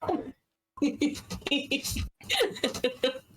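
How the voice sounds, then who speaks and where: A woman's voice: sits high, lively intonation, extremely slow, a bit bright, slight background noise, low-quality recording. A woman playing a tabletop game, a little shy and giggling as she describes her character. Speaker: player. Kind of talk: casual tabletop play.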